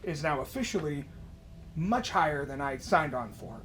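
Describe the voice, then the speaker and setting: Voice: mid-range voice, animated, moderate pace, fairly bright tone, a little hiss or hum. A player in a tabletop horror game, complaining wryly and bluntly. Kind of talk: casual tabletop play.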